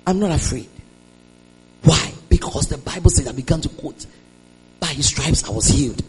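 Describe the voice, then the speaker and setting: A Nigerian woman preaching a sermon, moving between hushed storytelling and shouted declarations and calling on the congregation to respond. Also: sits low, expressive, moderate pace, husky, poor audio. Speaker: preacher giving a testimony.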